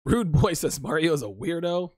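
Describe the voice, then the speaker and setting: Lively, blunt man with a higher voice. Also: no room sound, clean studio sound. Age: adult. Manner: blunt, profane, quick to laugh, animated. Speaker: livestream host reading chat. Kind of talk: casual unscripted livestream chat.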